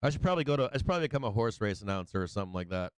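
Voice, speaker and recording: A man hosting a live stock market stream, calling prices in an excitable, hyped way and chuckling often. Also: fairly low pitch, very fast, smooth, no room sound, rough recording. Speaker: stock market livestream host. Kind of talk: live trading commentary.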